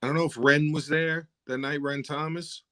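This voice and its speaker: A rapper guest tells a bar story in casual conversation, swearing often and acting out what the other people said. His voice is on the high side at a normal speed, with no echo, and he's animated.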